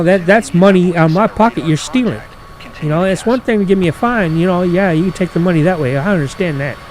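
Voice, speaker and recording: A man, hosting a gaming channel and telling stories in a folksy, animated way, grumbling and swearing as he plays. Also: sits high, rough recording. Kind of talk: casual storytelling while playing.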